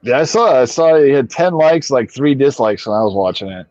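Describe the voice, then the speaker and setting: A man's voice: mid-range voice, expressive, a little fast, darkish tone, no room sound, muffled recording. A man chatting casually as a podcast guest, laughing often and reacting with animation. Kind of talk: casual chat.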